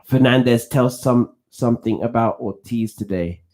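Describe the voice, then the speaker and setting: A man's voice: medium pitch, normal speed, a little mellow. A man in his thirties with a London accent, giving chatty, self-assured commentary on a football watchalong stream and reading chat. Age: 30s. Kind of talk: casual live-stream commentary.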